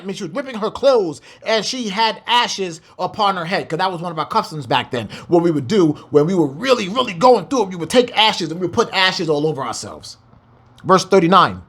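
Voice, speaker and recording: Lively high-voiced man teaching scripture. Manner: blunt, profane, slangy asides between slow, drawn-out readings. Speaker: Bible teacher. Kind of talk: scripture reading with commentary.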